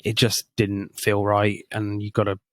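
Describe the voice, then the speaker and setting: A man's voice: on the low side, completely flat delivery, unhurried, fairly bright tone, dry recording, clean studio sound. A man co-hosting a film review podcast in casual chat, chuckling often as he talks. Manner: chuckles often while talking. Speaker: podcast co-host reviewing films.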